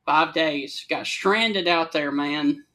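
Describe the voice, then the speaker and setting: A man's voice: on the high side, takes it slowly, pushed and bright. A man from Alabama with a Southern accent, co-hosting a casual talk show and telling stories in an easygoing way. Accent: Southern American. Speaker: co-host. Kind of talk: casual chat.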